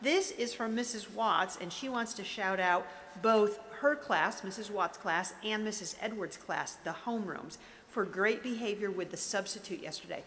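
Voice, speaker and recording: A woman's voice: medium pitch, normal speed, hardly any pauses, a bit bright. A middle-aged woman hosting morning school announcements in an upbeat, chatty, encouraging way. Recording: reverberant room with faint noise.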